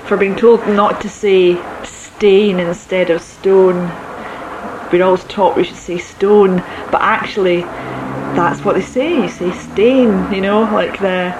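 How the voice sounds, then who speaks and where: Thirties woman, Ayrshire Scottish accent, mid-pitched, chatty and halting, audible background noise. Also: fairly even intonation, highs cut off. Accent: west of Scotland, Ayrshire. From Scotland. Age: 30s. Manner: chatty, hesitant with frequent ums, laughs easily. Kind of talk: casual monologue about dialect.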